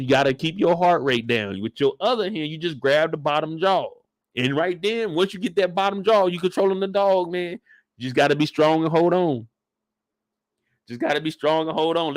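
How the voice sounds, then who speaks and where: A man's voice: high voice, no room sound, clean studio sound. A man giving a casual, joking, profane breakdown of a TV episode. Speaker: show recap host.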